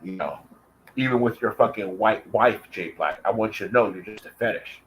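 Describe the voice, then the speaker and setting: A man's voice: fairly low pitch, moderate pace, a little hiss or hum, rough recording. An American man delivering an angry, profane vlog rant, taunting and calling out his target directly. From United States. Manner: profane and confrontational. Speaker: vlogger.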